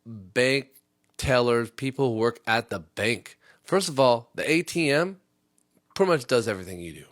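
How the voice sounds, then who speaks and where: A man's voice: mid-range voice, animated, moderate pace, a bit bright, dry recording. A male comedy podcast host riffing through a long rant, rambling and breaking into voices. His voice sits in a middle range, heard dry and close. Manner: rambling, jumping into impressions.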